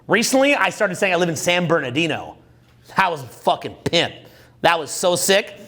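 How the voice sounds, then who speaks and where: A man with a high voice leads a live dating seminar. He talks crudely and jokes constantly. He keeps quizzing the audience and has them repeat key terms back. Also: big pitch swings, normal speed, pushed and bright. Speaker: dating coach.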